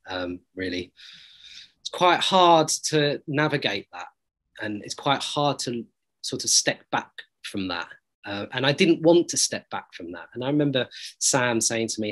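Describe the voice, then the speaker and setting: A man's voice: mid-range voice, animated, a little slow, fairly bright tone, rough recording. A man, an actor being interviewed, giving earnest, reflective answers full of hesitations and restarts. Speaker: actor interviewed about a series.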